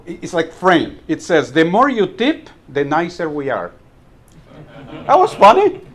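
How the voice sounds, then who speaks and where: A man's voice: fairly high pitch, very animated, moderate pace. A man giving a humorous speech at a club meeting. He tells stories and chuckles at his own punchlines. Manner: storytelling, chuckles at own jokes, repeats words when restarting. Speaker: Toastmasters club speaker.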